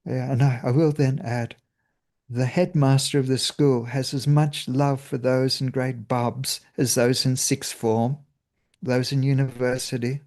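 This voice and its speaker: A man's voice: mid-range voice, fairly even intonation, measured pace, a little mellow. A man, a meditation teacher giving a cheerful spiritual talk and laughing often.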